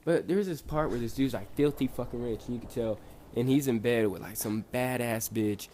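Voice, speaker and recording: A man's voice: medium pitch, normal speed, warm tone, slight background noise. A young man from Bosnia casually telling a rambling, profane story full of fillers and restarts. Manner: laid-back, rambling, profane, lots of fillers.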